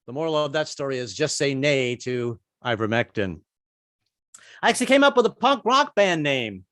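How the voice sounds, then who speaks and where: A man's voice: medium pitch, sing-song, a bit bright, no echo, clean studio sound. A man doing a stand-up comedy set, stammering and repeating words before landing his jokes. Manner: halting, repeats words, drops into quick bits. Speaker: stand-up comic.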